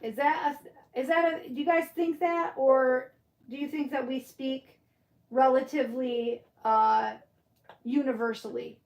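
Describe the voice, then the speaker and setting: Woman, Michigan accent, high voice, roomy echo, casual livestream chat. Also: steady tone, a little slow. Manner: chatty, answers viewer comments, muses aloud. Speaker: livestream crafter reading chat. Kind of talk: casual live-stream chat.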